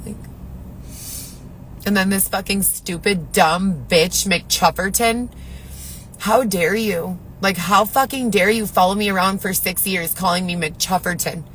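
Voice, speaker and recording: A woman's voice: medium pitch, steady tone, measured pace, fairly bright tone, a little hiss or hum, rough recording. A woman talking to camera in her car, rambling in an agitated, profane way as she vents to her viewers. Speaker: vlogger. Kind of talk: venting monologue to camera.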